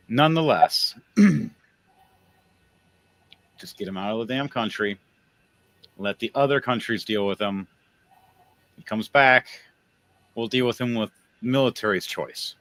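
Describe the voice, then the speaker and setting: A man's voice: on the low side, a bit bright, no room sound. A man hosting a podcast, talking in a blunt, crude and rambling way in casual opinionated chat. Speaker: podcast host.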